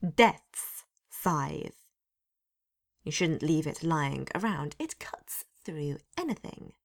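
A woman's voice: low-pitched, lively intonation, slow pace, creaky, full character voice. A woman doing a stern young governess. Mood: grim. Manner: stern, clipped questioning.

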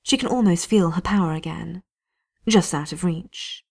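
A woman reading a story aloud in a hushed, often half-whispered delivery. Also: lowish voice, a little slow, creaky. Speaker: narrator.

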